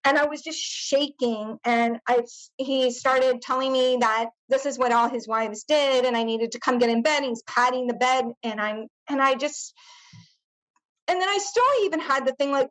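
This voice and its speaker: A middle-aged woman, a podcast guest, recounting a painful personal memory in a halting way, with many fillers and restarts. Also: high voice, a bit bright, low-quality recording. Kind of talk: personal testimony in interview.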